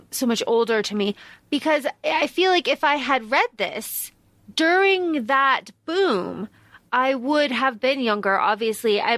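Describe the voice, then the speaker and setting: Blunt high-voiced woman podcaster. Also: a bit bright, no room sound. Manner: blunt, swears freely, acts out characters mockingly. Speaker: podcast co-host. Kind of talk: casual book discussion.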